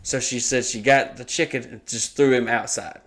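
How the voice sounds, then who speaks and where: A man on a comedy podcast spinning a long, profane story about someone he knows, slipping into the voices of the people in it as he goes. His pitch sits in a middle range for a man, and his delivery is animated and loose. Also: moderate pace. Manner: animated, acts out quoted voices, swears a lot. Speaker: podcast co-host.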